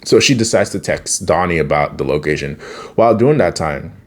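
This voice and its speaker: A man's voice: sits low, animated, brisk. A young man casually recapping a cartoon episode, rambling, laughing often and swearing now and then.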